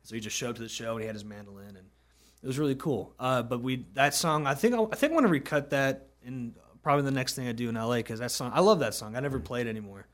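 Fast-talking man telling stories. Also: mid-range voice. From South Carolina. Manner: animated, acts out quoted dialogue. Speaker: guest musician. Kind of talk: casual interview storytelling.

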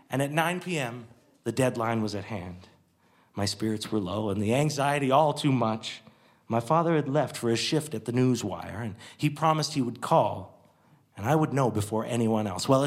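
A man from Canada telling a wry, nostalgic first-person story about his childhood, acting out its moments with lively flair. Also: mid-range voice, moderate pace.

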